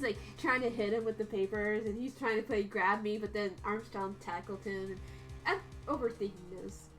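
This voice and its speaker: A woman streaming a video game, joking and swearing in casual commentary. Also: a little high. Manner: profane, joking.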